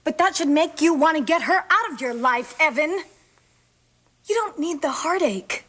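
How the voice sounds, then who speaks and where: A woman's voice: sits high, expressive, normal speed, fairly bright tone. A worried, disapproving soap woman. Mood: earnest. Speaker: soap opera character. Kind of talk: 1990 daytime soap acting.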